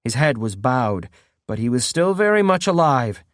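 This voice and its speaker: A man narrating a horror audiobook in steady first-person storytelling. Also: mid-range voice, normal speed, no room sound, studio quality.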